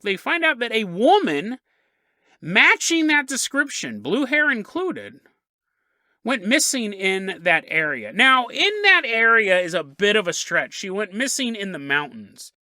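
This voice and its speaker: A man hosts a podcast and tells a story in a loose, jokey way, wandering into asides. His voice is bright and lively, and his pitch moves a lot. The sound is dry and close, with no room around it. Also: a little slow, no echo. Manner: jokey, rambling, laughs at his own asides. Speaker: podcast host.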